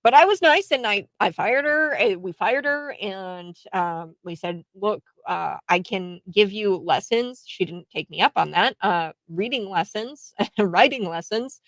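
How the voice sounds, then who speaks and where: A woman's voice: mid-range voice, expressive, unhurried, hardly any pauses, a bit bright, no echo, rough recording. Rambling conversational woman commentator, dry sound. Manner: rambling, conversational, frequent restarts and laughs. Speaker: political commentary host. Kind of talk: solo political commentary.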